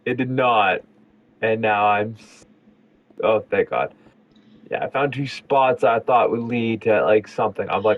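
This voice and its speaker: A man with a mid-pitched voice chats casually while playing a game, rambling and repeating himself. His audio sounds dull and lo-fi. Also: a little slow. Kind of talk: casual gameplay chat.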